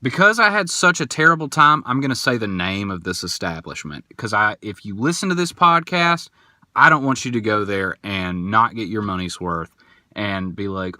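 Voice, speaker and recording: A young man talks casually on his podcast, getting worked up as he tells a story and slipping into the voices of the people in it. His voice is bright and swings widely in pitch. The recording is dry and close, with no room sound. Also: moderate pace, no room sound. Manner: animated, indignant storytelling with quoted voices. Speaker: podcast host.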